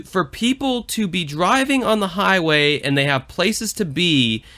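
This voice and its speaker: A young man co-hosting a podcast, telling stories in animated casual chat with swearing. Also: on the high side. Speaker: podcast co-host.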